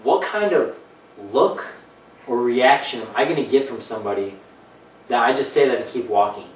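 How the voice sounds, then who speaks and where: A male host chatting casually on a low-budget comedy show, rambling from one joke to the next. His voice sits back from the mic in a roomy, echoing space with a faint hum of ambience. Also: normal speed. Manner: rambling, jokey, slips into put-on voices. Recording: echoey room, mic at a distance, faint ambience.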